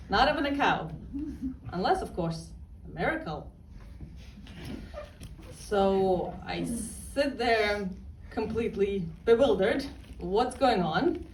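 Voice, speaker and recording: Wry woman storyteller, slow and roomy. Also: on the high side, slight background noise. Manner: wry, deadpan comic timing. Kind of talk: personal storytelling. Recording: roomy and distant with faint ambience.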